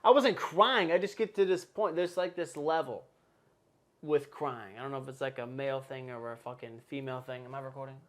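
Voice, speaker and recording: A man's voice: mid-range voice, fairly quick, fairly bright tone. A man in his twenties hosting a podcast, talking in a casual, profane, rambling way. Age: 20s. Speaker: podcast host. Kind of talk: casual chat.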